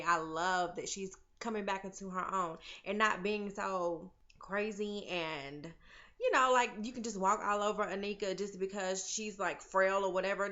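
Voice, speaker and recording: Woman doing a tv recap, bright voice, lively, acts out the lines, kinda muffled audio. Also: medium pitch. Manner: animated, chatty, acts out characters' lines. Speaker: TV recap vlogger. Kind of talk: casual TV recap chat. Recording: slightly dull lo-fi audio.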